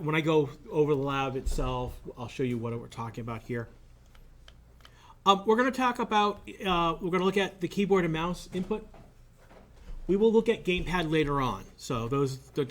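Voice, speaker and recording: A man teaching a college game development class, explaining in an informal way, thinking aloud and often repeating himself as he works through each point. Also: a little high. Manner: blunt about tools he dislikes. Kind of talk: recorded classroom lecture.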